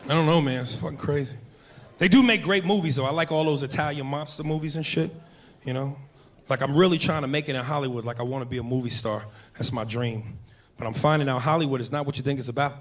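A man's voice: fairly high pitch, fast. Profane man doing stand-up. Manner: crude, profane, crowd-addressing. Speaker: stand-up comedian. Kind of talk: stand-up comedy.

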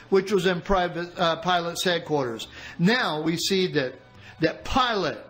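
A man preaching a sermon, reading scripture aloud and explaining it with dramatic pauses. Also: high voice, fairly bright tone, poor audio. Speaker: pastor.

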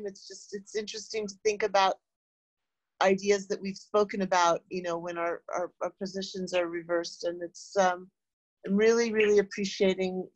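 A woman's voice: mid-range voice, dry recording, muffled recording. A woman on a video call thanking the speaker, searching for her words as she goes. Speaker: audience member. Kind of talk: casual remarks on a video call.

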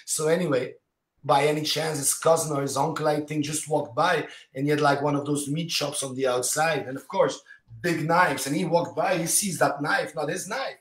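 A man, a martial arts instructor, chatting as a podcast guest. He tells stories animatedly in quick fragments, with many "you know"s. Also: a little high, steady tone, a bit bright. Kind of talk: casual interview storytelling. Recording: roomy echo.

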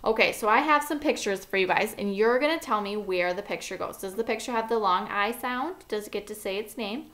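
A woman's voice: mid-range voice, a bit bright. A woman teaching a phonics lesson to kindergarteners, sounding out letters one by one and praising often. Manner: slow, sound-by-sound enunciation with encouraging praise. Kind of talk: phonics lesson for young children.

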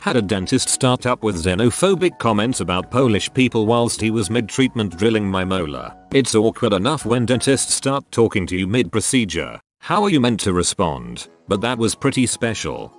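A man narrates Reddit stories in a low voice. His pitch rises and falls a lot, but his delivery stays deadpan and matter-of-fact. Soft music plays quietly underneath. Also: normal speed, hardly any pauses. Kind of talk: reading Reddit stories aloud.

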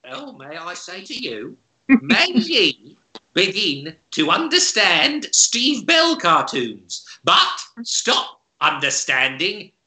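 A man's voice: high voice, big pitch swings, slow pace, bright, forceful tone, echoey room, heavily acted. A man voicing a cackling old crone woman who hurls silly curses, swinging between cooing and snapping over a video call. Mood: cackling, cursing. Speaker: comedy club co-host. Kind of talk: improvised comic character bit.

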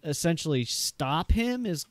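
Animated, hesitant game master. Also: medium pitch, unhurried, no room sound. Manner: hesitant, filler-heavy narration. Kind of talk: narrating a tabletop game.

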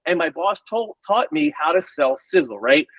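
A middle-aged man, a recruiter, explaining in a casual, energetic way and acting out both sides of sales calls on a group video call. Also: high voice, moderate pace, vocal fry, no echo. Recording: dry, distant from the mic.

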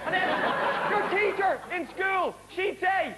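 High-pitched excitable man doing stand-up. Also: takes it slowly, over a noisy crowd. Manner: loud, excitable, voices quoted people. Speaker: stand-up comedian. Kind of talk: stand-up comedy on a TV show. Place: TV studio with a live audience. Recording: live studio audience, noisy broadcast recording.

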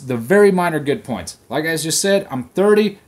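Dude just turned 30 venting on his podcast, swears nonstop, gets loud and heated. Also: on the high side, lively intonation, normal speed. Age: 30s. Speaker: podcast host. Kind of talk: solo rant podcast.

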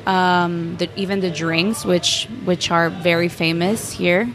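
The owner's daughter, a young Mexican woman, talks slowly and steadily about her family's restaurant in a casual interview. Her voice is on the low side, she's chatty with frequent "like" and "um," and there's background noise.

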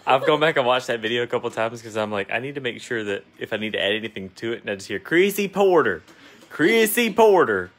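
A man's voice: medium pitch, very fast, few pauses, fairly bright tone. A man co-hosting a casual craft livestream, reading viewer comments aloud and joking along.

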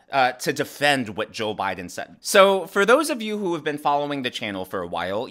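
A man hosting his own political commentary channel, talking emphatically and breaking his points down step by step. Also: medium pitch. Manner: animated, emphatic, explains step by step. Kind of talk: opinionated commentary.

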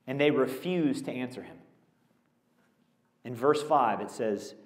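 Animated male pastor in an echoey auditorium. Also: mid-range voice, unhurried. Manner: conversational, animated preaching with rhetorical questions. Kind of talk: sermon. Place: school auditorium used as a church.

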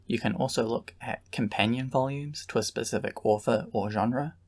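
A man giving a scripted lesson, measured and explanatory, who at times chants patterns of long and short beats. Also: medium pitch. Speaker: teacher explaining Greek metre. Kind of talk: scripted educational narration.

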